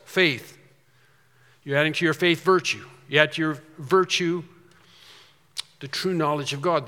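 A man's voice: on the high side, bright, forceful tone, long reverb tail. A man preaching an expository sermon, asking questions and answering them with emphasis. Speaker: pastor.

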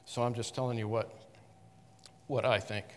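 A man of mid pitch explains Scripture to a congregation in a loose, conversational style. He stops to correct himself and restarts his phrases often. His voice rings with the long reverb of a hall. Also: level tone. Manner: halting, with frequent restarts and self-corrections. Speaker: Bible teacher. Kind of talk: conversational Bible teaching to a congregation.

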